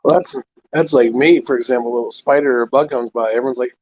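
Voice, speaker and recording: A man chatting casually in an animated, self-mocking way, swearing freely. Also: mid-range voice, quick pace, dull audio, a little hiss or hum. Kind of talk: casual chat.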